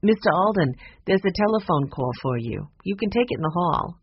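A narrator voicing a nervous, defensive woman innkeeper in a storybook reading, in a high, tense, hesitant voice. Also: sing-song, fairly quick, dull audio, slight background noise. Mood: uneasy.

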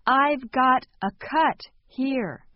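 A woman reading short phrases calmly, with careful enunciation, for a language lesson. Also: high voice, very slow, no echo. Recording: dull, lo-fi sound.

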